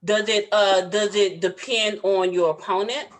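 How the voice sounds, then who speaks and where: A woman's voice: mid-range voice, steady tone, a little slow. A woman from the Southern US hosting a casual interview, bubbly and playful. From Southern United States. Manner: bubbly and playful, jokes and does impressions. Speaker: interview host.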